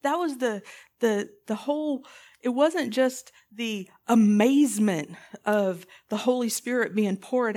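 A woman's voice: on the high side, darkish tone. A woman preaching a sermon in an earnest, impassioned way, putting pointed questions to her listeners.

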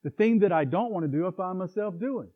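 A middle-aged man preaches in a loose, conversational style, with chuckles and side remarks. His voice sits a little higher than most men's. The sound is thin and tinny, as if heard over a phone. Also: lively intonation, fairly quick. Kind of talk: sermon.

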